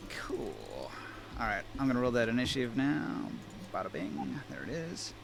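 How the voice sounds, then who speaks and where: A man's voice: mid-range voice, very animated, moderate pace, gravelly, music in the background. Easygoing male game master. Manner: easygoing, jokey narration. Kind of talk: running a tabletop game over voice chat.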